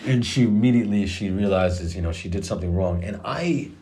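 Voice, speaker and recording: A middle-aged man with a very low voice recounts a family story in an easy, rambling way. He restarts his sentences often and drops the occasional curse. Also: fairly quick, warm tone, soft background music. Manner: rambling, with many restarts and swearing. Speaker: father telling a story. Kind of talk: casual personal storytelling.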